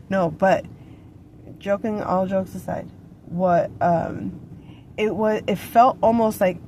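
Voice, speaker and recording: A woman's voice: medium pitch, slow, darkish tone, a little hiss or hum. A woman in her thirties telling a story in a parked car, rambling, swearing and laughing as she goes. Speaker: vlogger. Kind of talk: casual storytelling.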